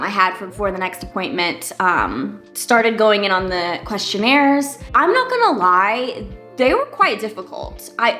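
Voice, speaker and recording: A woman's voice: medium pitch, a bit bright. A woman in her thirties telling a personal story in a casual vlog, chatty and candid, with lots of fillers and side remarks. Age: 30s. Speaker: vlogger.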